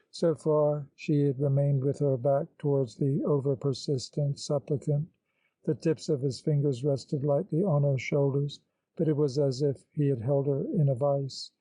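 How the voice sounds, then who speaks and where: A man narrating an audiobook in a measured, literary storytelling manner. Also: a little high, fairly even intonation, mellow, dry recording, poor audio.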